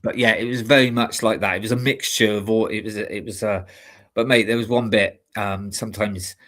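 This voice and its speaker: A low-pitched man from the UK talking casually on a live stream. He rambles in a chummy way, restarting sentences and filling gaps with "um" and "like". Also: steady tone, brisk, fairly bright tone. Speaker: show host and amateur stage actor. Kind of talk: casual chat.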